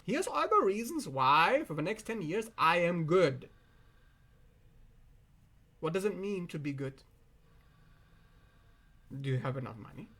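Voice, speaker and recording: A man's voice: high voice, sing-song, unhurried, pauses often, bright, forceful tone. A man who is not a native English speaker, giving an emphatic, profane self-help monologue straight to the viewer. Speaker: self-help video host. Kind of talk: direct-to-camera monologue.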